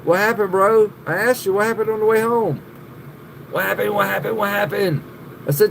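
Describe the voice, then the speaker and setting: A man's voice: high-pitched, moderate pace, vocal fry, background noise. Profane man rambling on a live stream. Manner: rambling, profane, laughing often, greeting viewers. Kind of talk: casual live stream chat.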